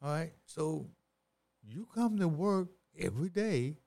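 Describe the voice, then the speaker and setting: Middle-aged male guest, lively sing-song pitch, preachy and repetitive, casual podcast talk. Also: measured pace, vocal fry. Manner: animated, repeats words, preachy.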